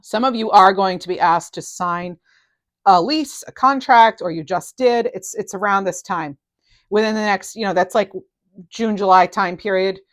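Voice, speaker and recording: A middle-aged woman giving a casual tarot reading, enthusiastic and animated, her voice rising and falling in loudness. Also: medium pitch, normal speed, dry recording, clean studio sound. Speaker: tarot reader.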